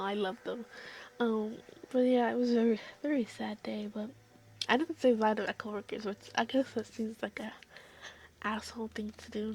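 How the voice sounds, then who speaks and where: A young woman telling a long, emotional story in a casual vlog, rambling and often sinking into soft whispers. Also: on the high side, breathy edge. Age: young adult. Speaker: vlogger.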